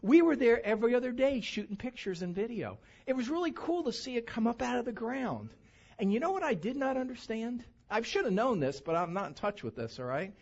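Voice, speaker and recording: Male preacher, lively pitch swings, slightly dull lo-fi church recording. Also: brisk. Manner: lively, animated preaching with mock-drawl asides. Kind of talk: sermon with humorous anecdote. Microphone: handheld or stage microphone.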